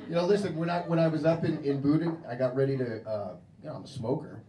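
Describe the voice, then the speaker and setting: A man's voice: fairly high pitch, fast talker, far from the mic, noisy background. Crude American stand-up comic man. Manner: crude, conversational, laughing at own jokes. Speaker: stand-up comedian. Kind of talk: stand-up comedy set. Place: comedy club, indoors. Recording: echoey club with crowd laughter.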